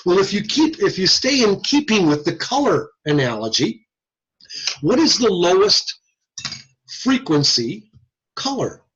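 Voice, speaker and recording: A man lecturing on acoustics to a class, lively and posing questions to his students, with a husky voice. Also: high-pitched, unhurried, muffled recording, a little hiss or hum. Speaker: audiology lecturer.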